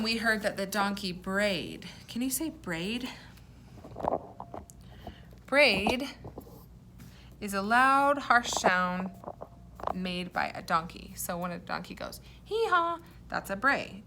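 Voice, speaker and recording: A woman teacher reading a poem aloud to young children and explaining words in a clear, encouraging way. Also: mid-range voice, noisy background.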